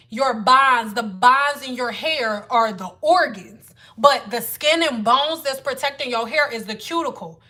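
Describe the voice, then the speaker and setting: A woman's voice: fairly high pitch, sharp tone. A woman hair care educator talking to viewers on a casual livestream, blunt and exasperated, with a lot of swearing. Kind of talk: casual livestream lesson and rant.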